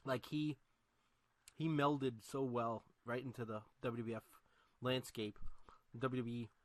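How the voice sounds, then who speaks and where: A man's voice: mid-range voice, fairly even intonation, a little slow, no room sound. A man co-hosting a casual podcast, talking in a laid-back way that leans on "you know" and "like". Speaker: podcast co-host. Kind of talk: casual wrestling chat.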